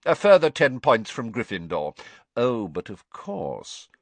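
A man voicing a cold, sneering male potions teacher who talks slowly and sarcastically. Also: medium pitch, wildly swooping pitch, no room sound, voice pushed up, full character voice. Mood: icy. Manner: icy, slow and sarcastic.

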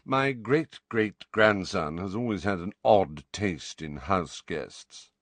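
A man voicing a haughty old male wizard in a portrait, with a reedy, drawling voice and a slow, put-upon manner. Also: sits low, fairly bright tone, dry recording, full character voice. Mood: bored.

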